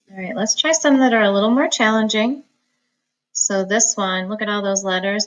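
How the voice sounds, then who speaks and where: Slow, patient woman teaching phonics. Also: on the low side, fairly bright tone, rough recording. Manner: slow, patient, sounds out syllables. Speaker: reading teacher. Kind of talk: phonics lesson.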